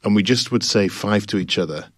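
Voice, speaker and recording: A man with a fairly low voice talks in an easy, anecdotal way as a co-host of a casual chat show. His voice is dry and close to the mic. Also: brisk, a bit bright, dry recording. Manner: chatty, anecdotal.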